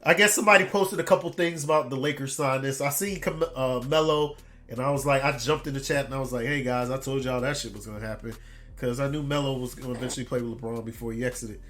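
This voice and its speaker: A man hosting a gaming podcast, chatting casually and telling animated, profane stories in which he loudly imitates other people. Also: medium pitch, fast. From Detroit area. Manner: animated storyteller, swearing, loudly imitating callers. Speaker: podcast host. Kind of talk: casual chat.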